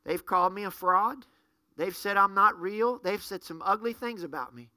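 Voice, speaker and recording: A man's voice: high voice, moderate pace, bright, forceful tone, no room sound, clean studio sound. A man preaching a sermon, fervent and full of rhetorical questions to the congregation.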